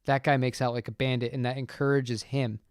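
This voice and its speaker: A man's voice: mid-range voice, little pitch movement, brisk, clean tone, dry recording, studio quality. A man hosting a livestream, reading and answering chat in a casual, rambling, opinionated way. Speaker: channel host answering chat.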